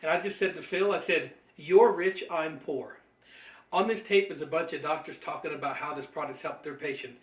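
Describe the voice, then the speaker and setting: A man cheerfully telling animated stories about recruiting friends into his business, laughing easily. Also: on the high side, a little fast. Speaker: network marketing trainer. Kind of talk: storytelling testimony. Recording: echoey room, mic at a distance.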